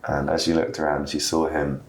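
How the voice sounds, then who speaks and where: A man hosting a podcast, telling a family story in a relaxed, casual way with fillers. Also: very deep voice, brisk. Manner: relaxed, with fillers and soft laughs. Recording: roomy room with faint background noise.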